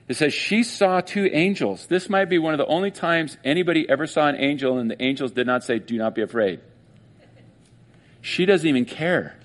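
A man preaching a sermon, retelling a story with feeling and acting out the voices of its people. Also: medium pitch. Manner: emotional, animated storytelling with acted-out voices. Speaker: pastor.

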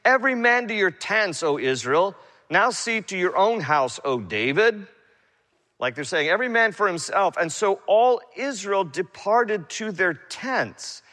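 Bright-voiced preacher in a reverberant hall. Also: male voice, high-pitched, expressive, unhurried. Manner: casual paraphrase of scripture, slangy asides. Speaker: pastor. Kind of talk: expository sermon.

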